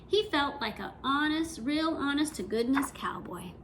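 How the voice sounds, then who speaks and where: Expressive woman reading a kids' book aloud, high and animated. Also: measured pace, background noise. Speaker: reader. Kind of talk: reading a children's storybook aloud.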